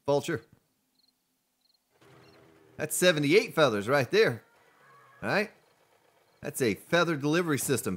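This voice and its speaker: A man's voice: a little high, a bit bright. A man chatting to viewers while he streams a survival game, joking and commenting as he plays. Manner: chatty, jokey, talks to viewers. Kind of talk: live gameplay commentary.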